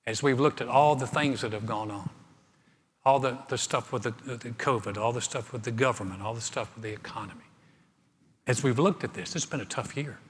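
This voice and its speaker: A man's voice: mid-range voice, a little fast, slight background noise. Man preaching with long hall reverb. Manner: storytelling, humorous, repeats words. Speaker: pastor. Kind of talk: sermon. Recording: long reverb of a large room.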